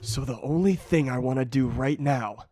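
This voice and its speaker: A man's voice: mid-range voice, normal speed, dark tone, no echo, studio quality, pitched below the performer's own voice, close to an everyday voice. A man voicing a guilt-ridden young male superhero, reading his lines in a strained, anguished way.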